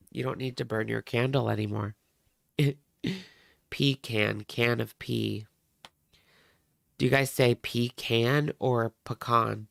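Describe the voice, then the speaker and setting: A man's voice: medium pitch, creaky, no room sound, clean studio sound. A man hosting a reaction livestream, chatting casually with viewers in a rambling way.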